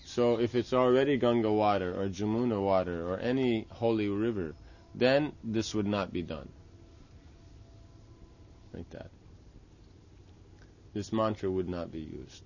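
A man's voice: lowish voice, unhurried, pauses often, darkish tone, dull audio. A man teaching the steps of a temple worship ritual, explaining patiently and often checking with "right?". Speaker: religious teacher. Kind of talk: instructional talk on temple worship.

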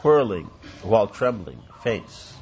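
A man reading a devotional play aloud, voicing every part himself, with halting restarts and exclamations that rise in pitch. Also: sing-song, darkish tone, lo-fi sound, slight background noise. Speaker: reader of a devotional drama.

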